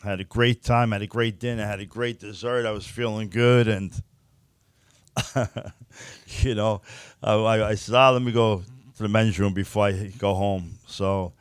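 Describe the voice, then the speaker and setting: A man's voice: on the low side, steady tone, moderate pace, smooth, no room sound, studio quality. An older man with a New York accent, bluntly telling stories as an interview guest and often repeating words. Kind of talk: casual storytelling.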